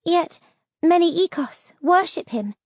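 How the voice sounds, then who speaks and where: A woman's voice: extremely high pitch, expressive, unhurried, a little mellow, no room sound, clean studio sound, voice pushed up. A woman voicing an anxious female creature, a mother who speaks in an earnest, trembling, formal way, in a fantasy audiobook. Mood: fearful. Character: anxious grass-covered creature mother, fearful.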